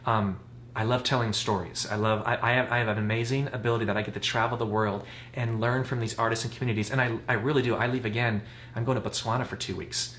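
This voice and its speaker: A man's voice: medium pitch, steady tone, quick pace, fairly bright tone. A man in his forties, a guest in casual chat, telling personal stories in a candid, rambling way. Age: 40s. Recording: roomy with faint noise.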